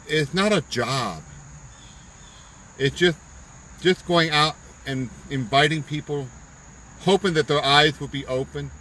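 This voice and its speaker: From his car parked outdoors at a park, a business promoter on a live stream gives a fervent, preachy pep talk, repeating himself for emphasis. His voice is medium-pitched and a bit bright, and the poor audio carries a little hiss or hum.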